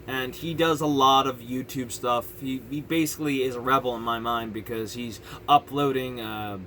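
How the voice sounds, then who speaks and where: A man's voice: mid-range voice, fairly bright tone, slight background noise. A young man ranting frustratedly on his vlog from his parents' house, rambling and restarting his sentences. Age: young adult. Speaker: YouTuber.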